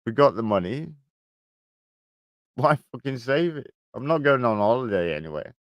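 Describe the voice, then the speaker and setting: A man's voice: medium pitch, expressive, normal speed, no echo, dull audio. A middle-aged man chatting casually at home, rambling, chuckling and swearing freely as he talks to camera. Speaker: vlogger. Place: room at home, indoors.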